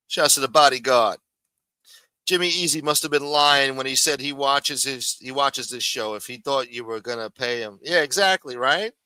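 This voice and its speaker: A man hosting a live stream, ranting in a profane, sarcastic and animated way. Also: mid-range voice, clean tone, dry recording. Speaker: live show host.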